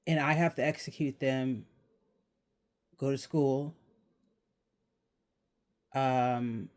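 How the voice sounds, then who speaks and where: Young adult man, vlog host, casual rambling chat, mid-pitched, laughs now and then. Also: steady tone, very slow, darkish tone. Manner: rambling, chatty, laughs while talking. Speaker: channel host.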